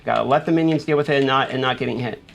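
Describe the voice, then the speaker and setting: Gravelly man narrating his own gameplay. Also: medium pitch, rapid-fire, soft background music. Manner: talks himself through play, panics and urges himself on. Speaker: gaming YouTuber. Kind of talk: live gameplay commentary.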